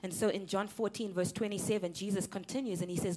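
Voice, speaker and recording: A young woman preaching a sermon, animated and emphatic, laughing often and repeating words for effect. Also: mid-range voice, quick pace.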